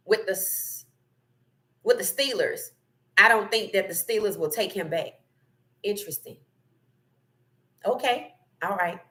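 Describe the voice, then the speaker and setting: Opinionated woman livestreaming sports takes. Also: on the high side. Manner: animated, opinionated, laughs often. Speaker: sports talk livestream host. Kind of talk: casual livestream commentary reading chat.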